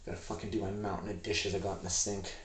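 A man's voice: sits low, little pitch movement, fast talker, a little hiss or hum. A man in his twenties from Canada, rambling frankly and profanely in a personal audio diary. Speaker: vlogger.

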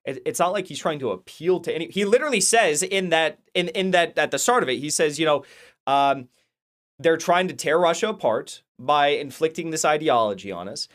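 Brief: male channel host, somewhat high-pitched, rambling and heated, profane, casual rant. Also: animated, brisk, a bit bright. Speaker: political commentary channel host. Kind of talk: casual ranting commentary.

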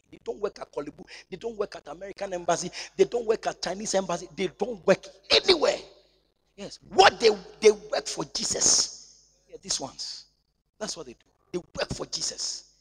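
Pastor going hard, gravelly rough voice, loud then hushed, church sermon. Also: male voice, high-pitched. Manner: impassioned, swinging from shouts to near-whispers.

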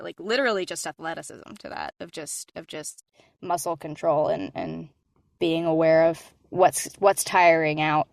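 An American woman voice actor chatting casually in an interview, animated, laughing often and using many fillers. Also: lowish voice, no echo, clean studio sound. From Hispanic American.

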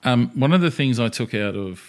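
A man's voice: mid-range voice, animated, fairly quick, a little mellow. A man co-hosting a podcast, chatting casually in a rambling, jokey way. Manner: rambling, jokey, trails off and restarts. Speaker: podcast co-host. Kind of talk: casual chat.

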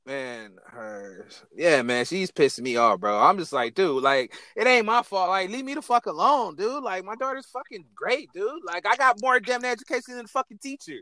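A man's voice: high voice, lively intonation, normal speed, few pauses, sharp tone, no room sound. A man in casual chat, angrily ranting with heavy swearing about his kid's teacher. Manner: heated, profane ranting with laughs. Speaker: parent venting about a teacher.

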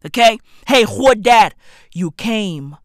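A comedic host ranting profanely, with slang and repeated "bruv", swinging between shouting and muttering. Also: mid-range voice, animated, slow, no room sound, clean studio sound. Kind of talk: comedic rant.

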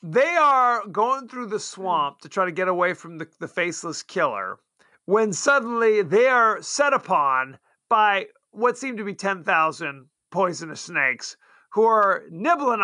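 Lively, bright-voiced man joking around. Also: high voice, a little slow, no echo, clean studio sound. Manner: playful, mock-dramatic, jokey. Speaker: podcast co-host. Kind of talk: casual chat.

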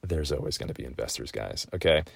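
Deep-voiced profane man ranting animatedly. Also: fast, gravelly, husky, no room sound, studio quality. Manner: profane, rambling, wildly animated. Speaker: podcast host. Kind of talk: casual comedic monologue. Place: at home.

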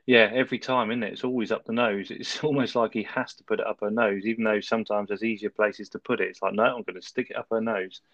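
A man, co-hosting a casual film review chat, recapping the plot in a relaxed way and laughing often. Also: on the low side, quick pace, hardly any pauses, no room sound, dull audio. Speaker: podcast co-host.

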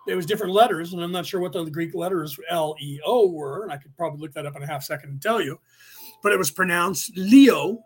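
A podcast host teaching a livestreamed class talks quickly in a husky voice that sits on the high side. It's a casual lecture where he rambles, says things twice, and spells out words letter by letter.

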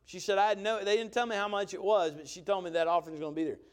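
A man preaching a sermon, telling a story with lively emphasis and often checking in with the crowd. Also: high-pitched, rapid-fire. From Georgia. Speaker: pastor.

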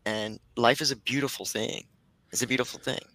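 Bright-voiced earnest male host. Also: medium pitch, steady tone, fairly quick, gravelly, no echo, rough recording. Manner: earnest, emphatic, spiritual phrasing. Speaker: host and reverend. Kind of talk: reflective heartfelt talk.

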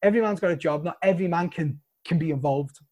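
A man's voice: on the high side, fast talker, darkish tone. A man with a Liverpool accent, a soldier and podcast guest, telling his story bluntly with plenty of swearing and emphatic praise. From Liverpool, England.

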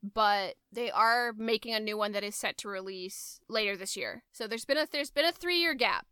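Bright, crisp young woman, dry sound. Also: medium pitch, normal speed, no echo. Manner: wry, analytical commentary. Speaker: podcast co-host. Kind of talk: casual chat.

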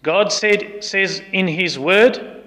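A man's voice: high-pitched, drawn-out words, fairly bright tone. A man preaching a sermon with emphatic repetition, acting out people's excuses in quoted voices. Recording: long reverb of a hall.

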